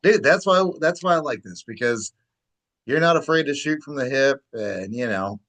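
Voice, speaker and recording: A man hosting a casual podcast, relaxed and conversational. He agrees with his guest and swears freely in a loose, easygoing way. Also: mid-range voice, moderate pace. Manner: agreeable, laid-back, profane. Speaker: podcast host.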